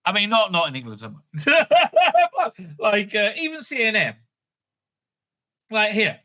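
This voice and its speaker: A middle-aged man, a rabbi, rambling through casual commentary in a profane, animated rant full of restarts and asides. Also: sits high, slow.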